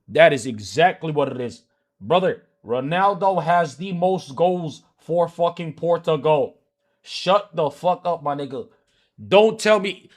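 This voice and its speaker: A man live streaming, ranting heatedly and profanely about soccer, repeating himself as he argues with his chat. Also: fairly high pitch.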